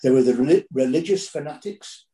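A man's voice: medium pitch, lively intonation, fairly quick, dark tone, echoey room, poor audio. A man preaching a sermon, telling the story dramatically with rising and falling intensity.

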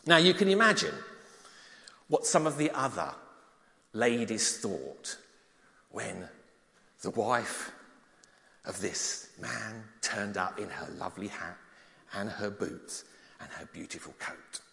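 A man preaching, telling a story with props and then reading a psalm, animated and at times dropping soft. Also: fairly low pitch, takes it slowly, vocal fry, pauses often. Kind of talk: children's talk and Bible reading. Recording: long hall reverb.

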